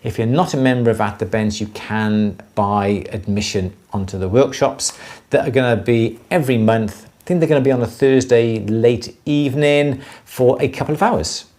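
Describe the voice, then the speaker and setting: A man co-hosts a casual jewellery livestream with a mid-pitched voice. He talks in a loose, rambling way, often restarting and repeating his words. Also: normal speed, few pauses, a little mellow.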